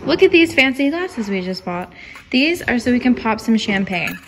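A woman's voice: fairly high pitch, normal speed, noisy background. Giggly young Texan woman vlogging. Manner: giggly, excited birthday chatter. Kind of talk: casual vlog chat. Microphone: handheld camera and phone. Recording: loud music behind.

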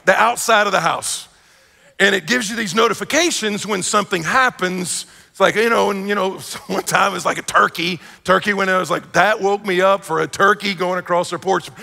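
A man pastor delivers a sermon to a church congregation. His voice sits high for a man, with gravelly fry at the ends of phrases. He acts out quotes in an animated, conversational way, and the sanctuary's long reverb trails each line. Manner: animated storytelling with acted-out quotes. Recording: live church hall reverb.

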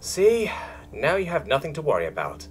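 A sly, stubborn young catlike alien woman, played by a male narrator talks in a teasing, cooing way. Her voice sits far above his own and swings widely in pitch. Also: wildly swooping pitch, brisk, soft background music. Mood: smug.

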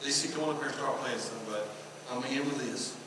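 A middle-aged pastor with a Southern accent preaches, acting out the voices in a personal story. He sounds far from the mic, in a very echoey church hall with a long reverb. A steady hum of room noise sits under his voice. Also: medium pitch, very fast. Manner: storytelling, acts out dialogue. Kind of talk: sermon. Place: church sanctuary.

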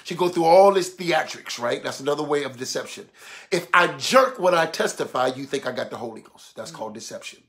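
A man preaching a sermon, animated and colloquial, acting out voices to make his points. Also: fairly high pitch, a little fast. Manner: animated, mimics voices, laughs.

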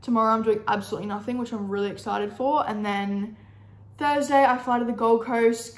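A young woman with an Australian accent and a croaky, hoarse voice, chatting casually and upbeat with lots of fillers while doing her makeup. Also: mid-range voice, echoey room. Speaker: beauty vlogger.

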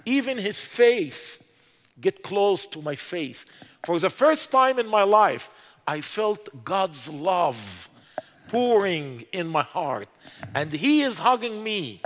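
High-voiced Egyptian man preaching in a reverberant hall. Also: big pitch swings, a bit bright. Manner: impassioned, rising to urgent exhortation; halting non-native grammar. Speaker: speaker giving his conversion testimony. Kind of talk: preached testimony. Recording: long reverb of a large hall.

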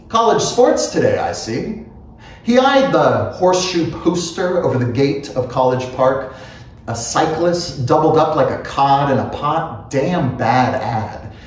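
A man reading literary prose aloud at a slow, lingering pace, his pitch rising and falling with lively expression. He sounds unhurried and musing. The recording is very echoey, with a faint hiss underneath. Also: distant mic. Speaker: reader. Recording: very echoey room, faint noise.

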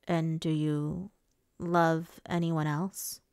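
A woman voicing a stern, weary male fae lord in an audiobook, speaking in clipped, low lines. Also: little pitch movement, unhurried, vocal fry, no room sound, studio quality. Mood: terse. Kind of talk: audiobook character reading.

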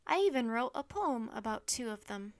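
A woman voicing a curious, lively young girl who talks eagerly and a bit louder. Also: a little high, moderate pace.

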